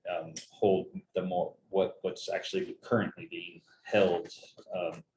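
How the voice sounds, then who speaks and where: A deep-voiced man chairing a board meeting, weighing each point slowly and circling back on his words. He hedges often and fills pauses while he thinks, and a faint hiss sits under his voice. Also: little pitch movement, darkish tone, lo-fi sound. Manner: hesitant, hedging, many fillers and restarts. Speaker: board member leading a public meeting. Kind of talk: formal meeting discussion.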